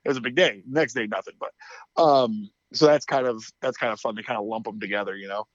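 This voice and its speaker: Animated storytelling man, lo-fi sound. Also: lowish voice, fast, dry recording. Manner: animated storytelling, acts out quotes, laughs often. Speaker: podcast co-host. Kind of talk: casual chat.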